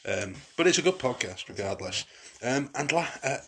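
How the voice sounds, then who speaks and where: A man's voice: mid-range voice, animated, normal speed, a bit bright, slight background noise. A man hosting a casual podcast chat, rambling with frequent restarts and fillers. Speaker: podcast host.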